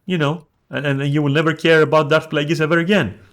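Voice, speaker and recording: A man's voice: fairly high pitch, level tone, fast talker, fairly bright tone. A man on a game stream, ranting in casual chat, swearing a lot and restarting his sentences.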